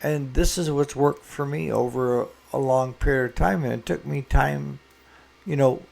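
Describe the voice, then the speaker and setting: Gravelly man giving folksy shop advice. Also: medium pitch, fairly even intonation, moderate pace, a little mellow. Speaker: small engine repair shop owner. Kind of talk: casual talk to camera.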